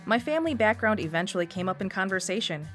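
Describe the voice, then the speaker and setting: A woman's voice: medium pitch, very animated, fast talker, fairly bright tone, faint music behind. A woman in her thirties from Wisconsin, with a Northeast Wisconsin accent, reading her own personal story for radio in an upbeat way. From Wisconsin, USA. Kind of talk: scripted personal narration.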